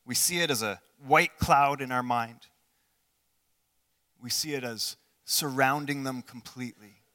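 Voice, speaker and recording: A man preaching a sermon in an earnest way, asking the listeners questions and swinging between loud passages and hushed ones. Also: mid-range voice, measured pace. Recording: long hall reverb.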